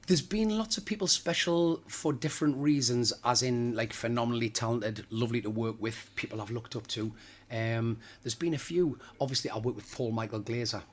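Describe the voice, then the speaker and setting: Middle-aged man, panto comic; rapid, jokey anecdotes in an interview. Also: medium pitch. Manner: chatty and jokey, laughs at his own stories. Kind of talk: casual interview chat.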